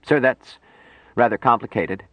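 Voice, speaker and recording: A man's voice: medium pitch, a little slow, dry recording, muffled recording, pitched above the performer's own voice, natural voice. A man voicing a flustered young male military officer, stiff, nervous and formal.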